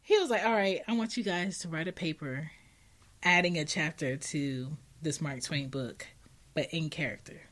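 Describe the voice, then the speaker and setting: A woman hosting a parenting podcast, talking casually and telling stories with animated energy. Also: low-pitched, normal speed. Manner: animated, lively storyteller. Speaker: podcast host.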